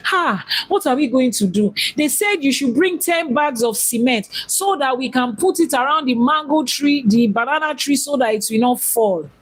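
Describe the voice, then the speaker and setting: A woman's voice: high-pitched, expressive, moderate pace, hardly any pauses, breathy edge, poor audio. A woman, a priestess and teacher, giving a teaching talk on religion. She asks questions, repeats points for emphasis and now and then mimics other people.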